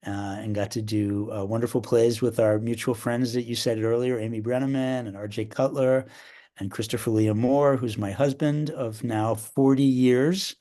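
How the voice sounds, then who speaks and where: A man's voice: mid-range voice, fairly even intonation, moderate pace, mellow. An older man, a theater director as interview guest, speaking reflectively with frequent restarts and a slight cough. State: slight cough, clearing throat. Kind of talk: podcast interview.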